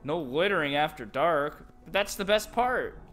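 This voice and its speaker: Brief: male let's play streamer, chatty and playful, very animated pitch. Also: normal speed, a little hiss or hum. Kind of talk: casual gameplay commentary.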